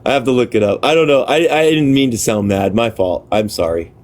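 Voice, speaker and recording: A man hosting a livestream, reading a book aloud in a casual, halting way, stopping to puzzle over words and talking offhand to viewers. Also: mid-range voice, a little mellow. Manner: talks to viewers offhand, apologetic. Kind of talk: casual live reading with chat asides.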